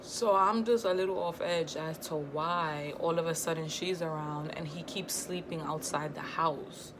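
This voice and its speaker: A young woman, telling a casual storytime in a lively, slangy way and quoting herself and others. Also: low voice, measured pace, background noise. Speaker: vlogger.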